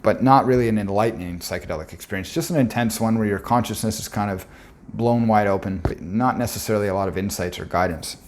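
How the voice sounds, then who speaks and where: Man, deeper than most, earnest reflective storyteller presenting a talk, pauses on fillers. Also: a little mellow, slight background noise.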